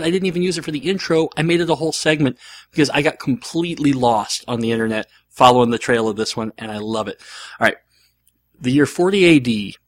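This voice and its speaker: A mid-range male voice, with no room sound, belongs to a podcast host delivering a casual solo monologue. He rambles animatedly, full of fillers and restarts.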